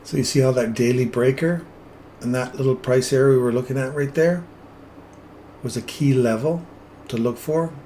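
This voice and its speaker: A man's voice: mid-range voice, moderate pace, a little hiss or hum. Man explaining live trades. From England. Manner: jokey, relaxed and explanatory. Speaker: trading stream host. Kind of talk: live trading commentary.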